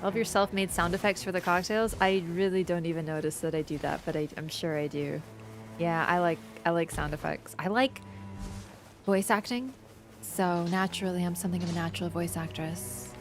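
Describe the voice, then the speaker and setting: A woman streaming a video game in casual chat, excitable, swearing and yelping when startled. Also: lowish voice, moderate pace. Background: game music.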